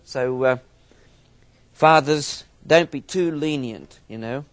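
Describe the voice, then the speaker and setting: A man's voice: medium pitch, takes it slowly. A man from Australia with an Australian accent, a minister giving a theology lecture full of humorous, self-mocking stories.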